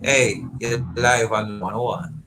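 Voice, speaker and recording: A man with a Jamaican accent hosting a radio talk show, upbeat and lively, dropping in patois phrases. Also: fairly low pitch, measured pace, background noise. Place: radio studio.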